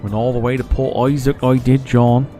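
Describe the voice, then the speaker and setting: A man putting on a loud rowdy country yokel. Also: mid-range voice, little pitch movement, normal speed, faint music behind, natural voice. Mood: boisterous. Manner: loud rambling yokel banter addressed to John. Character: rowdy rural West Country man, chatty and crude.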